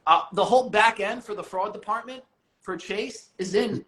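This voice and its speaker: A man talking as a podcast guest, blunt and animated, swearing casually. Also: high-pitched, moderate pace, roomy sound. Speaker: guest, business owner.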